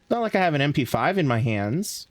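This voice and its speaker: A young man streams a game late at night, tired and mumbling his way through it with the odd casual curse. His pitch moves a lot, rising and dropping as he talks to himself. The sound is dry and close, with no room around it. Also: sing-song, quick pace, no echo. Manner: drowsy, yawning, mutters to himself, swears casually. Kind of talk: casual gameplay commentary.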